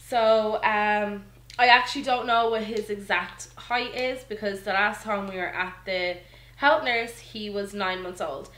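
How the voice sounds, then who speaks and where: A young mother vlogging at home, talking slowly and easily with lots of fillers. Her voice sits at a middle pitch. The room around her is echoey. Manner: chatty and relaxed, full of ums and likes. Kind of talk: casual chat to camera.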